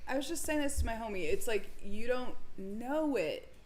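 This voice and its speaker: A woman co-hosting a casual live-streamed chat, talkative and quick to laugh. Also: fairly high pitch, animated, darkish tone, a little hiss or hum. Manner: chatty, laughs often, drawn-out phrasing. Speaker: co-host. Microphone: streaming mic.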